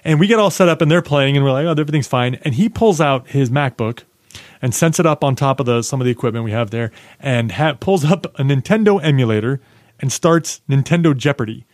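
A man's voice: medium pitch, fairly quick, dry recording, studio quality. A man co-hosting a podcast, rambling through a story in casual chat and acting out the quotes. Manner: rambling, animated storyteller who acts out quotes. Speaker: podcast co-host.

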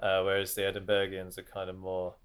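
A lowish-voiced man chats casually as a podcast guest. He is self-deprecating, laughs easily and lets sentences trail off into quiet asides. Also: monotone, fairly quick, clear, resonant tone. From Birmingham, England. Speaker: comedian guest.

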